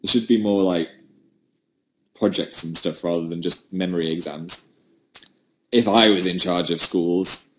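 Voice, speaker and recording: A man's voice: deep voice, steady tone, measured pace, pauses often, a little hiss or hum. A man chatting casually on a livestream from home, rambling and self-deprecating as he answers viewer comments through a webcam mic. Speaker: livestream host.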